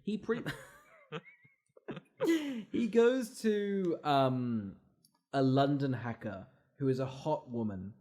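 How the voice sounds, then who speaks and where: A man co-hosting a casual film-review podcast, recapping scenes in an animated, profane way with laughing asides. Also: mid-range voice, slow pace, long pauses. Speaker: podcast co-host.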